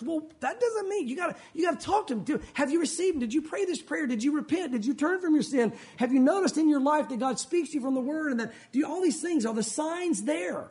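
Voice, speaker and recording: A man's voice: extremely high pitch, lively intonation, fast talker, hardly any pauses, darkish tone. Earnest man preaching. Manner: earnest, conversational preaching that addresses the congregation as "guys". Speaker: pastor. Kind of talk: sermon.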